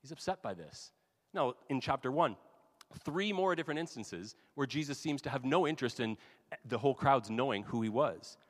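Male pastor giving a relaxed, chatty sermon; average pitch, church hall echo. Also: moderate pace. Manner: conversational, casual asides. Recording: long hall reverb.

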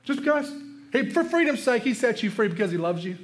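A man's voice: sits high, very animated, fast talker, slight background noise. A man preaching a sermon as pastor, emphatic and conversational, asking the congregation rhetorical questions. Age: adult, father of a young son.

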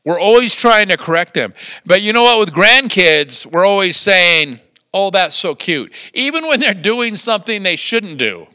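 Older guy preaching, high voice, swoops all over, storytelling pastor. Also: moderate pace, clean tone, dry recording. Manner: lively storytelling with chuckles and acted-out quotes. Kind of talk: sermon.

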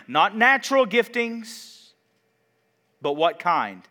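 A man preaching a sermon, asking the congregation questions and swinging between loud emphasis and quiet, drawn-out words. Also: on the high side, lively intonation. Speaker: pastor.

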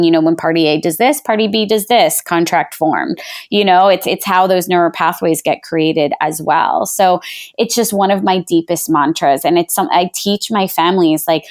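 A woman in her thirties, a parenting coach, talking earnestly and from the heart in a reflective podcast conversation, full of "you know" and "like.". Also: on the low side.

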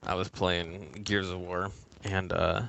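A man's voice: low voice, little pitch movement, takes it slowly, creaky. A man co-hosting a casual podcast, rambling through a gaming story with lots of swearing and exasperated outbursts. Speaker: podcast co-host. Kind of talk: casual chat.

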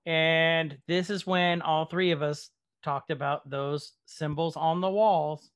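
A man's voice: on the high side, fairly even intonation, a little slow, a bit bright, clean tone. A man co-hosting a podcast, casually recapping a TV episode and leading the discussion with many fillers. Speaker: podcast co-host.

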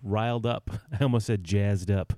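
Dark-voiced joking male podcast co-host. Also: on the low side, fairly even intonation, moderate pace, no room sound. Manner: laughs often, loose and joking, many fillers. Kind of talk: casual chat.

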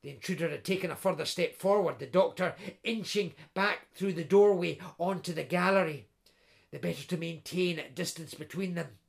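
A male audiobook narrator with a fairly high voice and a gravelly, creaky texture. He tells the story vividly and dramatically, building tension through each action scene. The delivery stays steady and engaged. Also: normal speed.

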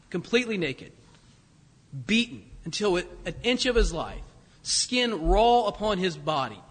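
A man's voice: high-pitched, a bit bright, slightly rough. A man preaching a sermon in a conversational way, often correcting himself and asking the congregation rhetorical questions. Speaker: pastor. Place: church sanctuary. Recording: long hall reverb.

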